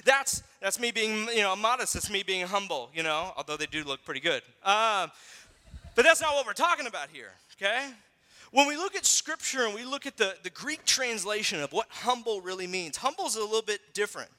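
A man in his thirties, a pastor giving a sermon in a conversational, animated storytelling way, acting out voices. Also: sits high, brisk, long reverb tail.

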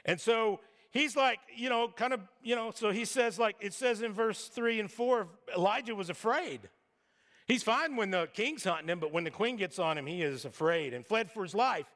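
Bright-voiced preacher man, hall echo. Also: high voice, moderate pace. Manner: casual storytelling sermon with jokes and asides. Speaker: pastor. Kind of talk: sermon. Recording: long hall reverb.

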